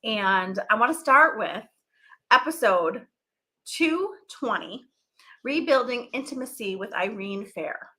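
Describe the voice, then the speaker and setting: A middle-aged woman hosts a podcast in a casual live chat, her voice fairly high, animated and slow, with a sharp tone. She chats in a rambling way and laughs often.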